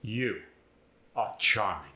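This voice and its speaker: A man doing a West African-accented voice that lands hard on every syllable, with rising tones on certain vowels. It is unhurried and bright-edged, and it sits in a roomy, echoey space. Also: on the low side, expressive, heavily acted. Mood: demonstrating. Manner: slow, deliberate, stresses every syllable.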